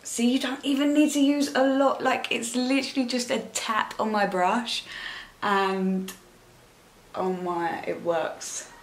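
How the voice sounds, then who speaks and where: A woman's voice: fairly high pitch, fairly even intonation, slow. A young woman doing a casual makeup tutorial, chatting in a rambling way and gushing over the products. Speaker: beauty vlogger. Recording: echoey room.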